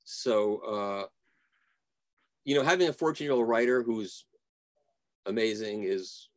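In a casual interview, a guest audio reviewer speaks in a lowish, unhurried voice with no room sound. His stories ramble, and he frequently starts sentences over.

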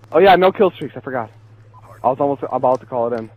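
A young man playing an online shooter with friends, yelling, laughing and trash-talking. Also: medium pitch, lively intonation, fast, poor audio. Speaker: gamer. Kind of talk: live gameplay commentary with friends.

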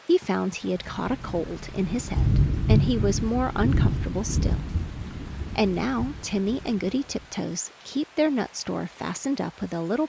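A woman narrating a children's bedtime story in a gentle, even reading voice. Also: mid-range voice, gravelly, background noise. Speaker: audiobook narrator. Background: rain and distant thunder.

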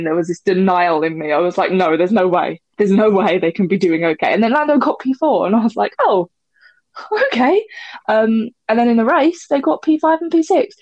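A woman's voice: a little high, darkish tone, dry recording. A woman co-hosting a casual podcast chat, talking freely and laughing often. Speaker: podcast co-host.

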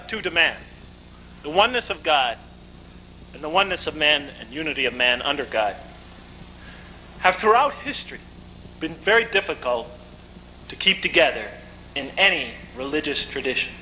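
Animated man telling a story. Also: on the high side, normal speed, pauses often, slight background noise, rough recording. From United States. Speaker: lecturer. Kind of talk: storytelling lecture.

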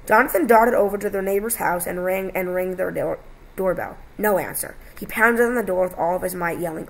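A woman's voice: fairly low pitch, normal speed, creaky, poor audio. A woman on a video call reading a story aloud with voiced quotes and some stumbles, as a podcast co-host.

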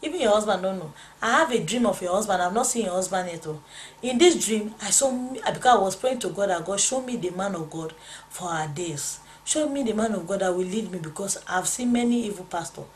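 A woman's voice: mid-range voice, lively intonation, brisk, a little hiss or hum. A woman preaching a testimony, fervently acting out voices of God and the devil as she recounts a vision. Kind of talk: testimony sermon.

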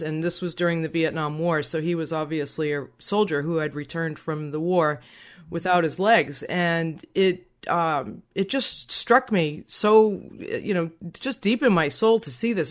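A middle-aged woman, a podcast guest, telling a personal story in an animated, heartfelt way and acting out the voices she quotes. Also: sits low, moderate pace.

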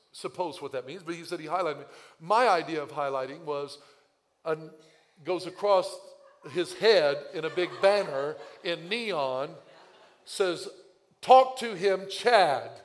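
A man with a Midwestern American accent preaches from the pulpit, telling a story with animated, self-deprecating humor. His voice sits a little high and is still recovering after he lost it. The sound rings with a long reverb of a church hall. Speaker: pastor. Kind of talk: sermon. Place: church sanctuary.

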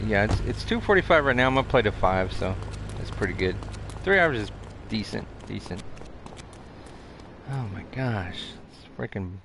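A man streaming a video game, chatting excitably to himself and his viewers with mild cursing. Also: fairly low pitch, normal speed, vocal fry, pauses often, background noise. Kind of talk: casual live gaming commentary.

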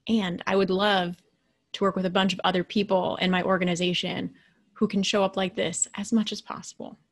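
A woman leadership coach giving a casual, animated lecture. She acts out quoted voices and keeps adding "right?". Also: mid-range voice, a little fast. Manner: often adds "right?".

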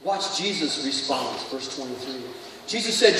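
A middle-aged man preaching a sermon as pastor, swinging from loud emphatic peaks to hushed near-whispers and acting out quoted speech. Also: fairly high pitch, very animated, normal speed, slight background noise. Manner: acts out quoted speech with rising intensity. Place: large church sanctuary. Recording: echoey hall from far off.

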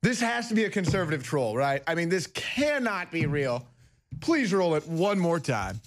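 A man's voice: on the high side, very animated, normal speed. A man hosting a talk show, reacting to a video clip with mocking disbelief. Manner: incredulous, mocking, laughing. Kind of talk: commentary over video clip.

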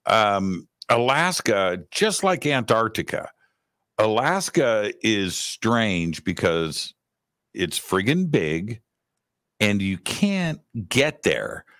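A low-voiced man co-hosting a casual live talk show, rambling along with many fillers. His pitch swings widely as he talks, and the sound is close and dry. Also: no room sound. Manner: rambling, animated, lots of fillers. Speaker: radio host, co-host.

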